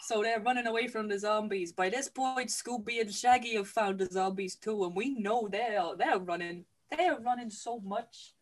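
A woman's voice: mid-range voice, moderate pace, few pauses. A woman host retelling a movie plot for laughs, chatty, laughing often and swearing casually. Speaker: podcast host. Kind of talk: comedic movie recap.

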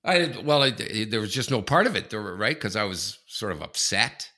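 A man in his forties with a low-pitched yet bright, forceful voice, chatting on a casual sports podcast. He tells long, rambling stories full of restarts and gets loud and worked up as they build. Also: sing-song, moderate pace. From Canada. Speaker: podcast co-host. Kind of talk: casual sports talk, storytelling.

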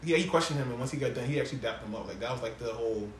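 Fast-talking man in an echoey room. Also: medium pitch, a little hiss or hum. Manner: fast, slangy, swears freely. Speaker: podcast co-host. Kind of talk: casual chat about TV shows.

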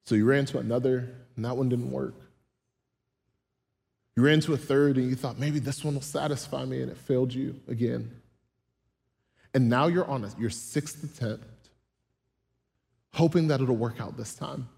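A preacher voicing Jesus as a calm, gently knowing man in a retold Bible story. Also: mid-range voice, normal speed, vocal fry, pauses often, big-room sound. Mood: gentle, earnest.

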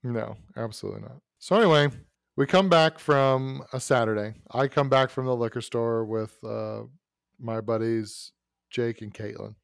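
A podcast host tells a long personal anecdote in casual conversation, his mid-range, creaky voice moving at normal speed. The tone is clean and the studio recording has no echo. He rambles, corrects himself, restarts, and wanders into frequent asides.

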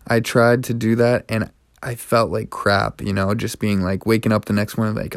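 A man's voice: lowish voice, flat delivery, moderate pace, creaky, no echo. A young man hosting his own podcast, speaking earnestly and encouragingly in a reflective personal monologue. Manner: earnest and encouraging, with many restarts. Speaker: podcast host.

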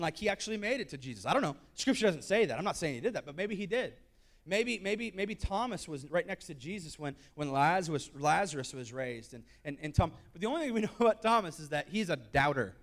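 A male pastor with a high-pitched voice delivers a sermon to a church congregation. He talks in a loose, joking way, then builds up to loud, shouted calls to the crowd.

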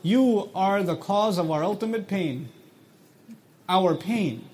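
A man's voice: high voice, lively intonation, darkish tone, breathy edge. A man lecturing on scripture, explaining words and quoting short Arabic passages, who asks his listeners questions and acts out quoted speech. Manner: recites Arabic quickly between English explanations. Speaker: Quran teacher.

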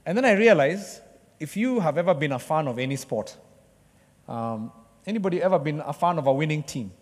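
Man, higher-pitched preacher, chatty sermon with playful asides, long hall reverb. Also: a little fast. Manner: conversational, playful with the congregation, bursts into excited cheering.

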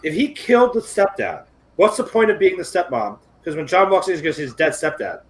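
A man's voice: on the high side, very animated, fairly quick, low-quality recording. A man co-hosting a casual podcast, talking in a sardonic, profane storytelling way. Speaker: podcast co-host.

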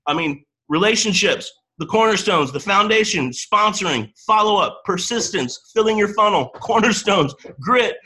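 Excitable male host, bright forceful voice, rambling upbeat coaching talk, morning-voice edge. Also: sits high, normal speed, hardly any pauses, low-quality recording. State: early-morning voice. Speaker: host of a coaching boot camp. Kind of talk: upbeat livestream talk to a team.

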